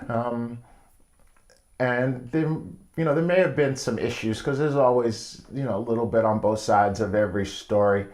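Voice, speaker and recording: A middle-aged man hosting his own show, telling a story in a wry, casual monologue with frequent pauses. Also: mid-range voice. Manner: wry, storytelling, pausing often. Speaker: host.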